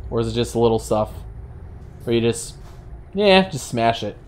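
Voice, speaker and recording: A man's voice: medium pitch, lively intonation, moderate pace. New York-accented male host, wry and chatty, talking over a game with truck engine noise behind. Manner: wry, chatty, mock-indignant rants. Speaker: gaming channel host. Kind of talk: casual gameplay commentary.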